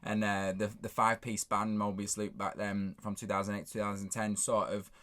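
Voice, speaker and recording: A man in his thirties, a songwriter, talking casually and reflectively in a halting, rambling way full of fillers. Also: lowish voice, flat delivery, fairly bright tone. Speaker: songwriter and co-lead singer.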